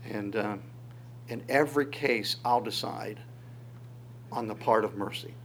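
Man preaching, energetic Bible teaching, medium pitch, lively rhetorical delivery. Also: measured pace, a little hiss or hum. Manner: animated, voices God's words in quotes, asks rhetorical questions, chuckles. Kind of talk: sermon teaching through Psalms.

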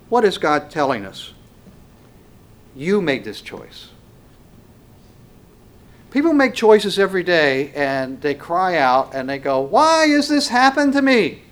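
A man preaching a sermon slowly and emphatically, swinging between loud passages and hushed ones. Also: fairly high pitch.

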